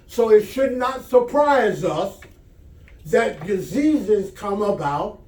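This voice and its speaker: A man's voice: high-pitched, expressive, slow pace, darkish tone. Male imam, Friday sermon, folksy storyteller, conversational, echoey mosque hall, mic at a distance.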